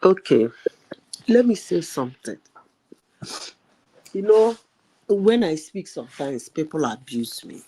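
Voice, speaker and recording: A woman's voice: lowish voice, big pitch swings, slow, pauses often, dark tone, slightly rough. A woman making emphatic, scornful points in a heated political discussion over online call audio. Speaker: panelist.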